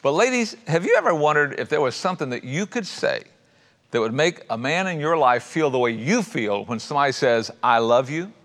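A man preaching a sermon as a pastor, climbing to loud emphatic peaks and dropping to a hushed, slow prayer. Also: fairly high pitch, big pitch swings.

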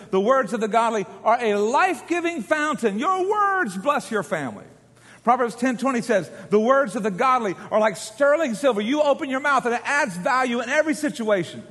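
A man's voice: high-pitched, fairly bright tone. A man preaching a sermon in a folksy, joking way, getting the congregation to repeat lines. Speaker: pastor. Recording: long hall reverb.

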